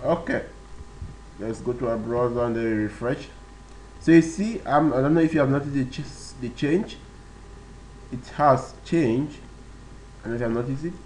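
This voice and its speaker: A man with a medium-pitched, slightly mellow voice records his screen while teaching the fundamentals of web pages. His slow, step-by-step explanation is packed with fillers and repeated phrases, and the low-quality recording carries a little hiss or hum.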